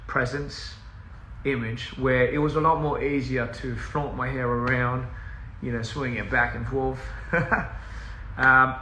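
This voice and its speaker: A man's voice: medium pitch, sharp tone, roomy sound, a little hiss or hum, low-quality recording. A man chatting casually to viewers on a livestream from his house, rambling, easily sidetracked, laughing often and slipping in Korean and bits of other languages. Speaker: recording artist on a livestream. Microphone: phone livestream.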